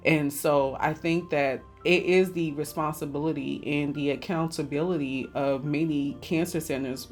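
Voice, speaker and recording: Measured woman physician guest. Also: low-pitched. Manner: measured, explanatory. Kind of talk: intimate conversation.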